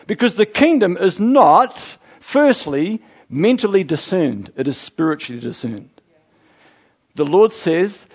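Fervent husky-voiced male pastor from New Zealand. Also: high voice, very animated, a little slow, a little mellow. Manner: impassioned, rising to fervent exclamations. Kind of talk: sermon.

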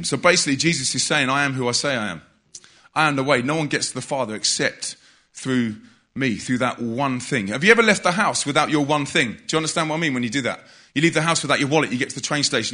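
A man's voice: fairly high pitch, expressive, quick pace, pushed and bright. A man, preaching in a church in a jokey, conversational way and calling out to the congregation. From England. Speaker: visiting preacher. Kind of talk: lively church talk. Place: church hall.

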